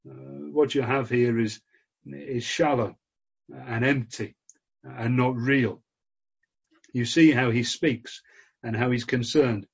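A man preaching a sermon in an earnest, measured way, with frequent fillers. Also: medium pitch, steady tone, vocal fry, breathy edge. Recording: dull lo-fi recording.

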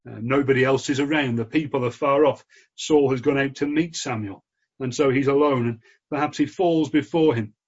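Husky-voiced male preacher. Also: mid-range voice. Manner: earnest, measured, with frequent "uh" fillers. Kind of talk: sermon. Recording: dull lo-fi recording.

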